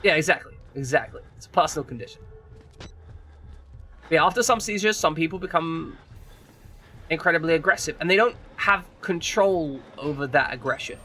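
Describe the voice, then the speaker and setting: A man's voice: fairly high pitch, animated, moderate pace, pauses often, sharp tone. A man streaming a game, talking in a rambling, casual way with frequent swearing and restarts. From United Kingdom. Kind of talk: casual chat while gaming.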